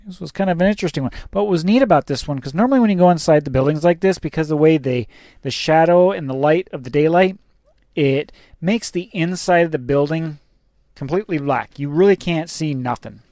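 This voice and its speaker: A chatty male trucker rambles through a story about his day, swearing now and then. His voice sits a little high for a man. The recording is very dry and close, with no room sound. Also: fairly quick, warm tone, no room sound. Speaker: truck driver. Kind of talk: casual vlog storytelling.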